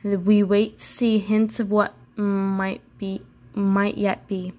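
A woman's voice: medium pitch, flat delivery, takes it slowly, dark tone. A woman reading a children's novel aloud casually, with chatty asides and small self-corrections. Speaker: book reader.

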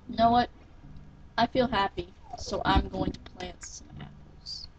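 A woman casually commenting on a video game she plays, sounding tired and rambling, with sudden excited squeals. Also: mid-range voice, measured pace. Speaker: let's-play gamer. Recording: dull lo-fi recording with faint game music.

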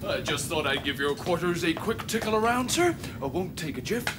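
An actor playing a servile male android butler who speaks politely and formally, with a deadpan manner. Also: a little high, brisk, close to an everyday voice. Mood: dutiful. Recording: sitcom clip with studio audience laughter and music.

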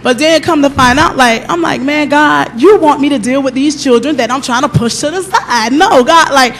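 With slight background noise behind her, a middle-aged woman gives her testimony at a church service at a normal speed. Her voice is high-pitched and a bit bright, and she narrates with animation, acting out what the people in her story said.

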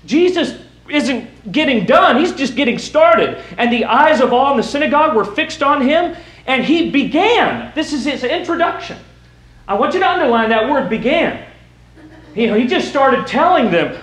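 A man preaching a sermon to his congregation, animated and rising to shouts for emphasis. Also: very high voice, moderate pace. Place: church sanctuary. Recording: roomy church sound.

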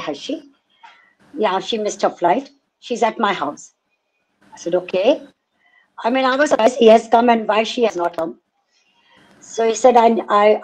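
A woman's voice: medium pitch, darkish tone, low-quality recording. A middle-aged woman giving personal testimony as an interviewee, indignant and acting out past conversations line by line. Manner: indignant, re-enacts conversations in dialogue. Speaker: interviewee, mother recounting events.

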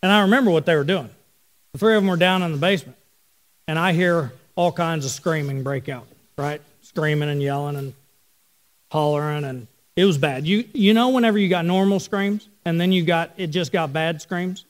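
A man's voice: on the high side, normal speed. A middle-aged man, a pastor, preaching a sermon and telling stories in a conversational way, talking directly with his congregation.

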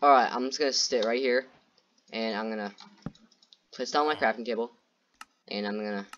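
A man's voice: mid-range voice, moderate pace, a bit bright, highs cut off. A man doing gameplay commentary who rambles nervously, repeats himself and keeps talking to his viewers. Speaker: gaming YouTuber.

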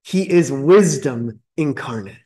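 A man's voice: mid-range voice, animated, takes it slowly, mellow, low-quality recording. A man preaching a sermon as pastor, reading scripture aloud and expounding it with emphatic repetition.

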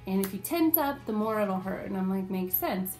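A young woman vlogger telling a personal story in a casual, animated way, acting out the quotes as she goes. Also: mid-range voice, moderate pace, soft background music.

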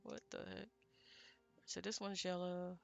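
A woman's voice: on the low side, flat delivery, unhurried, gravelly, faint music behind. A woman streaming a game with viewers, chatting casually and muttering to herself as she sets things up. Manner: distracted, muttering while setting up the game. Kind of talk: casual gaming chat.

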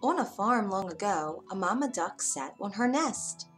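A woman narrating an animated fairy tale for children in a lively, expressive read-aloud manner. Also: mid-range voice, normal speed, faint music behind. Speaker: storyteller.

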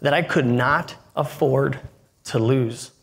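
A man's voice: medium pitch, slow pace, gravelly. A man giving a keynote talk, telling a personal story and acting out the dialogue in it. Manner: conversational, acts out dialogue in anecdotes. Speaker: keynote speaker.

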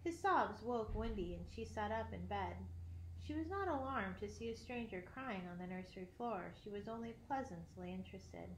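A woman reading a children's classic aloud, expressive, with occasional slips and throat clearing. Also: mid-range voice, normal speed, a little hiss or hum. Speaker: audiobook reader. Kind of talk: storybook narration. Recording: roomy echo.

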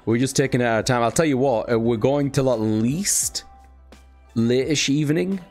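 A man's voice: mid-range voice, moderate pace, a little mellow, soft background music. A young British man chatting casually on his live stream, thanking viewers and swearing now and then. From Britain. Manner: chatty, swears, reads chat aloud.

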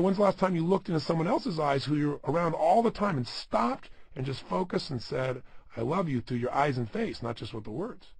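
Motivational speaker, man, middle-aged: husky, gravelly, emphatic, peppers the listener with questions. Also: sits high, darkish tone, no echo. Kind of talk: self-help audio program talk.

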